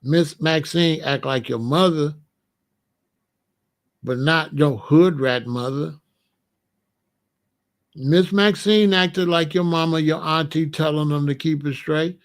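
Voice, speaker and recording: Blunt, high-voiced man ranting to viewers. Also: slow pace, long pauses. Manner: blunt, emphatic, talks straight to viewers. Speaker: commentator. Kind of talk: casual political commentary.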